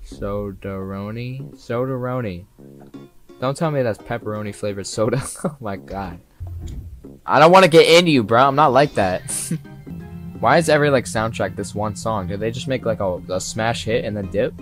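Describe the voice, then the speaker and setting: A young man doing live commentary on a horror game, excitable and swearing freely, talking straight to the characters and breaking into sudden yells. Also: mid-range voice, moderate pace. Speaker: streamer. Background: faint game music.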